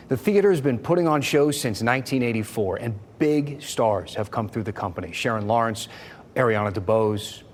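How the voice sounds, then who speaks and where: A man's voice: fairly low pitch, a little hiss or hum. A man anchoring a local evening newscast, with friendly, easygoing banter. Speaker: news anchor. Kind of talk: TV news presenting.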